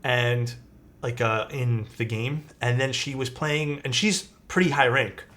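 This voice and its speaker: Speaking a little slowly at a medium pitch, with a slightly bright tone, the young man tells a casual, wandering story while building a keyboard on stream. He leans on "like" and swears occasionally, over faint music.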